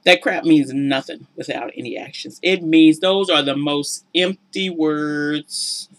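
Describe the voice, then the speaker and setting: A woman's voice: low-pitched, unhurried. A woman giving casual, sassy and preachy commentary on a reality show, exasperated with the people in it. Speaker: relationship commentator.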